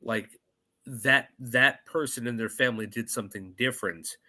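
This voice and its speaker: A man's voice: medium pitch, moderate pace. A man co-hosting a podcast, chatting animatedly about TV episodes and acting out quoted dialogue. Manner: animated, laughs easily, acts out quoted dialogue. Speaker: podcast co-host. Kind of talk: casual chat recapping TV episodes.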